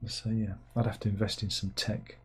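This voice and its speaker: A man's voice: on the low side, level tone, normal speed, breathy edge. A middle-aged man, hosting a livestream in casual chat. He rambles and mocks himself as he reads out viewers' comments. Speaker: livestream host.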